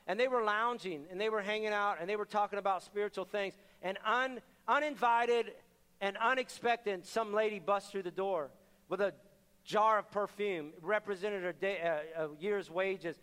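A man's voice: high-pitched, a bit bright, clear, resonant tone. A male pastor preaching a conversational sermon, often repeating his words and acting out the people in his stories. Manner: conversational, repeats words, acts out quoted voices. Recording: long hall reverb with faint music.

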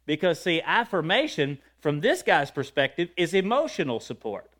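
A man preaching a sermon, talking to his congregation, asking them questions and breaking into loud shouts of praise. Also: on the high side, sing-song, moderate pace.

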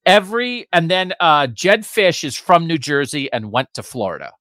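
A man's voice: fairly high pitch, animated, normal speed, pushed and bright, dry recording, studio quality. A man co-hosting a sports podcast, giving emphatic, opinionated talk with sarcastic asides.

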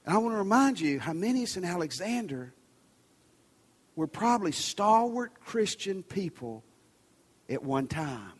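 A man preaching a sermon as a pastor in a large church, talking to the congregation in a conversational way and at times dropping his urgent pleas to a soft near-whisper. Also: high-pitched, big pitch swings, measured pace, pauses often, slightly rough. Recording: reverberant large church hall.

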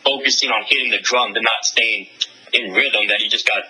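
A man's voice: fairly low pitch, fairly even intonation, fairly quick, sharp tone, slightly rough, rough recording. A man in his twenties, a musician guest, talking frankly and matter-of-factly in a casual interview. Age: 20s.

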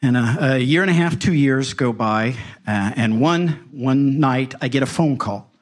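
A middle-aged man, a pastor, telling a story in a folksy, animated way with wry asides. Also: medium pitch, unhurried. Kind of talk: storytelling sermon.

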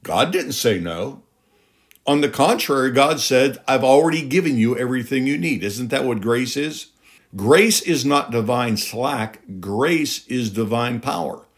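A man's voice: expressive, a little slow. Emphatic male preacher, middle-aged. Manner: emphatic, rhetorical questions, pitch rising on key lines. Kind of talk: sermon.

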